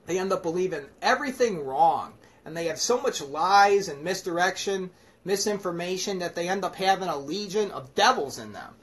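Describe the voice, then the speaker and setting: A man's voice: sits high, fairly bright tone. A man giving rambling, profane, joking commentary on scripture as a self-styled preacher. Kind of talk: irreverent comedic scripture commentary.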